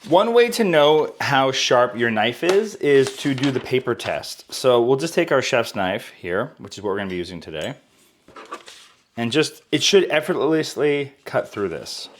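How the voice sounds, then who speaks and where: A chatty young man walks viewers through knife skills in a home kitchen. His pitch swings freely as he talks, and he pokes fun at himself along the way. He sounds like a casual cooking channel host. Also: moderate pace, a little hiss or hum. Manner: chatty, self-deprecating, lively.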